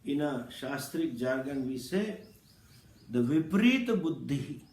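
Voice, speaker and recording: A man giving a scripture lecture as a spiritual teacher, speaking slowly and deliberately and explaining Sanskrit terms. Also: medium pitch, lively intonation, a little mellow, roomy sound.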